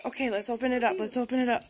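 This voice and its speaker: A woman in her thirties, a mother and vlogger, gushing and gasping with excitement as she opens a gift package at home. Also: high-pitched, breathy edge. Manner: gushing, gasping, says "oh my gosh" often. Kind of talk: excited unboxing chat.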